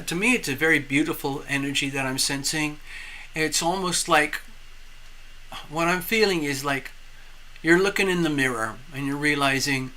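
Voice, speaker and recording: A man's voice: fairly high pitch, pushed and bright. A man giving a live tarot reading in a rambling, spiritual manner. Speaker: tarot reader.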